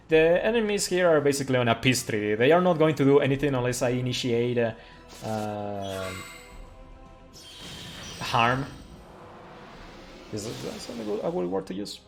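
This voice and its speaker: A man in the middle of his own pitch range talks through a speedrun as he plays. He rambles casually with plenty of fillers and small laughs. Faint game music sits low under his voice. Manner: chatty, laughs often, many fillers. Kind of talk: casual live game commentary.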